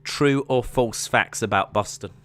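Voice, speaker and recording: A man's voice: mid-range voice, unhurried, a bit bright. A playful British man co-hosting a casual podcast chat, slipping into silly voices. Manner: playful, breaks into silly put-on voices and sung lines. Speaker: podcast co-host.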